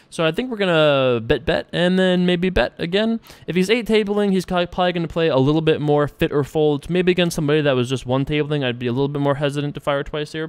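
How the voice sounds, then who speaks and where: A man's voice: a little high, clear, resonant tone. A man from the United States giving casual, chatty commentary on his own online poker session, thinking aloud and poking fun at himself. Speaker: poker vlogger.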